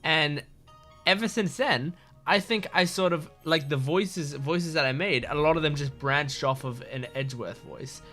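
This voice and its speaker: A man's voice: a little high, moderate pace, few pauses, bright, forceful tone. A young man chatting casually over a game playthrough, rambling with many fillers. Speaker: let's play host. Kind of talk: casual game commentary and reading dialogue aloud. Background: faint game music.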